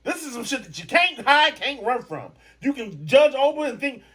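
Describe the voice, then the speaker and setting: Brash, animated man ranting for laughs. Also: very high voice, moderate pace, breathy edge. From Michigan. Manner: profane, brash and mocking. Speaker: podcast host. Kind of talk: comedic rant monologue.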